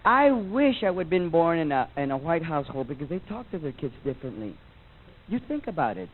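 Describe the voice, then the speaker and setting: Animated Mexican-American stand-up comic. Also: male voice, fairly high pitch, fairly quick. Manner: switches between English and Spanish, acts out family voices. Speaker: stand-up comedian. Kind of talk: stand-up comedy set. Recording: tinny, phone-like VHS broadcast audio.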